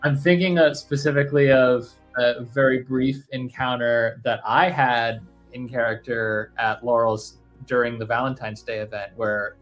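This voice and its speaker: A man with an ordinary mid-range voice chats and tells stories about himself, easygoing and self-deprecating. Soft music plays faintly behind the livestream talk. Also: medium pitch. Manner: chatty, self-deprecating storytelling. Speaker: livestream co-host. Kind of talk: casual livestream chat.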